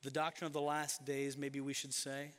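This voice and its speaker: A man preaching a sermon as a pastor, emphatic, slowing down to stress key phrases. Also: medium pitch, monotone, a bit bright. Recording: long reverb of a large hall.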